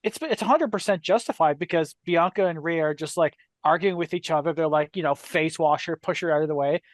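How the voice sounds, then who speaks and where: A man's voice: a little high, a little fast. A man co-hosting a casual wrestling podcast, hesitant and restarting sentences. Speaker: podcast co-host.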